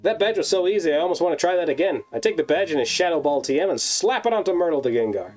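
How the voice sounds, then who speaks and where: Fast, animated man narrating a game recap. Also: a little high. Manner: sarcastic, wry asides. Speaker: video host. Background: faint background music.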